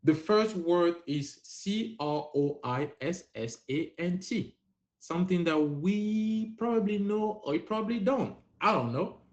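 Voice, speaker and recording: A man's voice: sits high, animated, a little slow. Playful man hosting a stream quiz. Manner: playful, teasing quizmaster. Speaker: host running a live-stream French pronunciation game. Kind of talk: casual live-stream quiz. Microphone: live-stream app audio. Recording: dull lo-fi stream audio.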